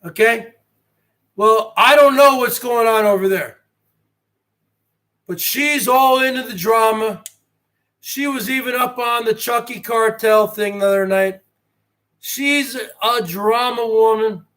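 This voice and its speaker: High-voiced man boasting on a live stream. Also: takes it slowly, long pauses, pushed and bright. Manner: boastful wrestling-promo bravado, rhetorical questions. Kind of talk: rambling live-stream chat.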